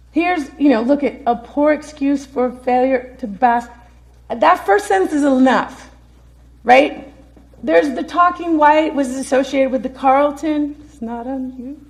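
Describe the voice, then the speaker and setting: A woman's voice: high voice, vocal fry. A woman giving an academic lecture to students, engaging them with frequent questions. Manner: engaging, asks the audience questions. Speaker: keynote speaker. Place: lecture hall.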